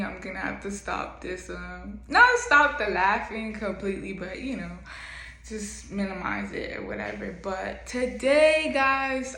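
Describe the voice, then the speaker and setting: A young woman gives informal spoken teaching straight to her listeners, chatty and loose, full of "like" and "y'all". Her voice is bright and forward, and it rings in a roomy, echoey space. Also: mid-range voice. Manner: chatty and informal, with many fillers and frequent "like" and "y'all". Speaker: preacher. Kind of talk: casual spoken teaching to camera. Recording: echoey room.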